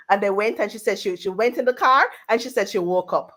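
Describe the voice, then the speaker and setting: A woman, a radio guest telling a personal story in a lively way and putting on family members' voices in quotes. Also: mid-range voice, fast.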